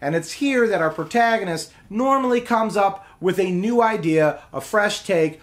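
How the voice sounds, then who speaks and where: A man hosts a casual film breakdown and retells scenes with animated character voices. His pitch is a little high and swings widely. He laughs often as he goes. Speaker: film review host.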